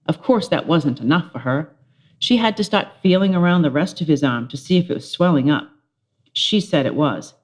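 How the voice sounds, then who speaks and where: A middle-aged woman, a teacher, reading a children's chapter book aloud, telling it with lively expression. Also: low-pitched, moderate pace. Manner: expressive storytelling with character voices.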